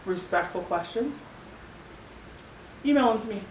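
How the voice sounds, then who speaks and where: A woman vlogger chatting casually and playfully while eating, pausing to savor her food. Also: fairly high pitch, animated, reverberant, far from the mic, slight background noise, poor audio. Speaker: mukbang vlogger.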